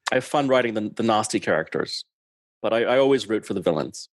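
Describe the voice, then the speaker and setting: A guest author from Singapore with an English-tinged accent chats animatedly in a conversational interview, laughing often and using many fillers. He has a lowish voice, talks fast, and the recording has no room sound.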